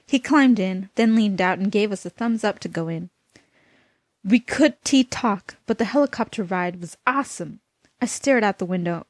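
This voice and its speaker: A woman's voice: medium pitch, moderate pace, no echo. A woman reading a comic fan fiction aloud, mocking it and stopping to comment. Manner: mocking, breaks off to laugh and comment.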